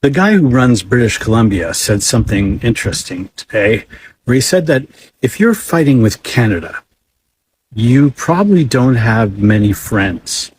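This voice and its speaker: A man giving measured, wry political commentary. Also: mid-range voice, big pitch swings, a little hiss or hum, rough recording.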